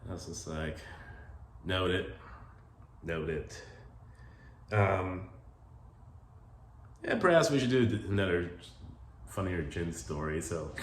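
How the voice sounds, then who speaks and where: A man telling personal stories in a casual, rambling way, full of "like" fillers and emotion. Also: low voice. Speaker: vlogger telling stories about his late partner. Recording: roomy echo with faint ambient noise.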